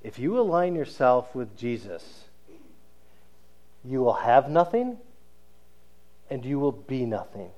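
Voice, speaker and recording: Sermon bit: preacher voicing a soft-spoken, persuasive devil, male, mid-pitched. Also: big pitch swings, takes it slowly, pauses often, lo-fi sound. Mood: coaxing. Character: sly coaxing male tempter spirit.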